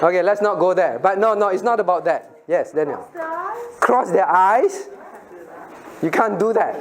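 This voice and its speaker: Playful high-voiced pastor teaching kids. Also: male voice, animated, normal speed, a crowd in the background. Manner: playful, questioning, laughs often, acts out scenes. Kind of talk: children's Bible lesson Q&A.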